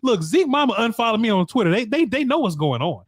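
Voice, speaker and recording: A man's voice: extremely high pitch, sing-song, fast talker, no echo, studio quality. A man co-hosting a casual sports talk show, laid-back and slangy, laughing often as he answers the chat. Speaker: sports podcast co-host.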